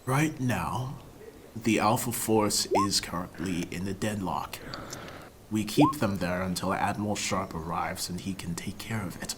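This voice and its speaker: A man voicing a proud, hot-tempered horned female officer in a tabletop game, with a sharp, commanding delivery. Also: deep voice, a little slow, noisy background. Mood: cold firm.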